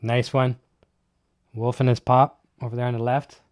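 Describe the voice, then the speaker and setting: A man hosting a live online show, chatting casually and excitedly while unboxing, with many fillers and restarts. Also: mid-range voice, normal speed, no echo. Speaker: host of a live gear show.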